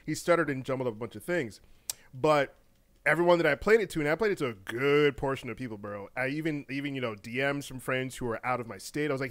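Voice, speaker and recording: A man co-hosting a gaming news podcast in casual, animated chat, laughing often, repeating words and using slang. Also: medium pitch, quick pace. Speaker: podcast co-host.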